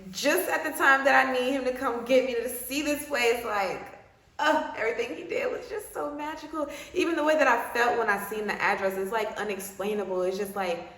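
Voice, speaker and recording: A young woman telling a personal story on her vlog in a casual, slangy, lively way. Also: fairly high pitch, a little fast. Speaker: vlogger. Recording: roomy echo.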